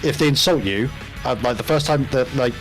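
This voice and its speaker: Man, from Britain, mid pitch, chatty, laughs a lot, faint background music. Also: fairly quick, low-quality recording. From United Kingdom. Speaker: stream host. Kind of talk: casual stream chat.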